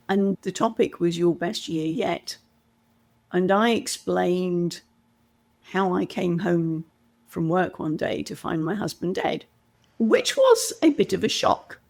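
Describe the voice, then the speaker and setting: Her voice is lowish with vocal fry. Interviewed on a podcast, this middle-aged British woman, a communication coach, tells animated stories and performs what others said in their own voices.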